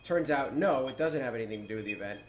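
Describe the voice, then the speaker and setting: A man hosts a casual gaming podcast, telling stories with lively acted-out reactions. His mid-pitched voice sits in a roomy, echoey space. A faint ambient hum runs underneath. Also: fast talker. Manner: animated storytelling, acts out his own reactions. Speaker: podcast host.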